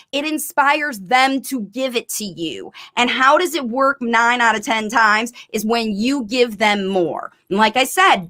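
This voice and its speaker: A middle-aged woman, a speech therapist hosting a live coaching stream, talking quickly and emphatically to parents. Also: a little high, pushed and bright. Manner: fast, emphatic, encouraging. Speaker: speech-language pathologist host.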